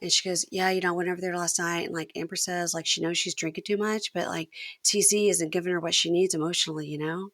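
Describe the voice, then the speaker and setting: Woman host, low pitch, bright tone, animated recapper. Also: fast. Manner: animated retelling, acts out quotes. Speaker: podcast host. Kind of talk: casual recap chat.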